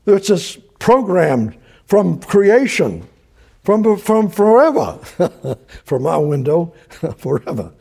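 A man's voice: high voice, very animated, slow, gravelly, pauses often, a little mellow, slightly rough. An older man teaching verse by verse from the Bible, rambling and repeating himself as he paraphrases scripture. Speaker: preacher.

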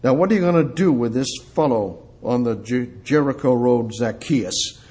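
A man preaching a sermon who repeats his words and swings from quiet asides to loud, impassioned peaks. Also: mid-range voice, moderate pace.

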